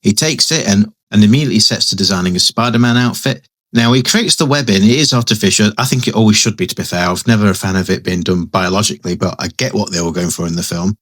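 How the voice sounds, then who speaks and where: A man's voice: on the low side, quick pace, a bit bright. A man giving casual, chatty commentary while reviewing a comic book, often adding tag questions and restarting sentences.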